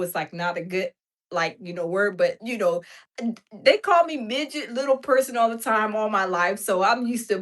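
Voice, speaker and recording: A woman hosting a casual livestream, animated and laughing often as she talks to her viewers. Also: a little high. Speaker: livestream host.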